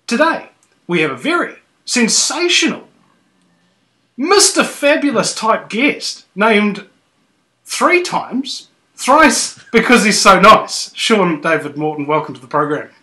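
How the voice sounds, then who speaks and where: A man's voice: sits high, very animated, slow, pushed and bright. A man hosting a casual radio talk show, joking and ranting theatrically. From New Zealand. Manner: jokey, rambling, theatrical rants. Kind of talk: casual conspiracy radio chat.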